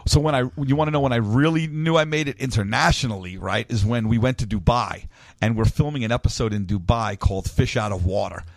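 A man telling stories on a radio show in casual chat, lively and acting out the voices of others. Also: mid-range voice, quick pace, no room sound. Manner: animated storyteller, acts out voices. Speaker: reality TV show guest.

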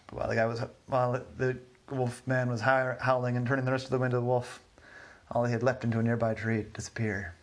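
A man narrating an improvised children's story in a soft, low-key way, with small restarts. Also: level tone, fast.

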